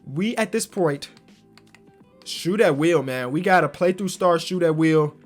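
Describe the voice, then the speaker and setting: A young man giving slangy commentary on a basketball video game, swinging from low muttering to loud excited yelling. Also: unhurried, soft background music. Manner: slangy, talks to himself about the game. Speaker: gaming YouTuber.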